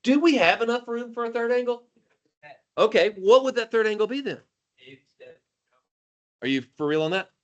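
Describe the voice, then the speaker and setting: A man teaching math to a class, animated and jokey, calling on students by name. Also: extremely high pitch, normal speed, pauses often, dull audio. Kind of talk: classroom lecture.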